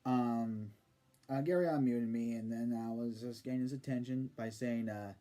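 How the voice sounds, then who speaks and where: A man's voice: mid-range voice, steady tone, moderate pace, mellow. A man ranting in casual video commentary, sarcastic and profane. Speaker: YouTube commentator.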